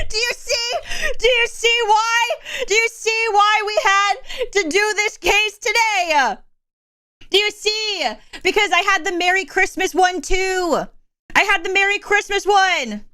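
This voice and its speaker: A woman's voice: very high-pitched, measured pace, bright, forceful tone, dry recording. A woman streaming a courtroom game, giddy and profane, laughing often and reading game lines aloud. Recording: game music playing behind.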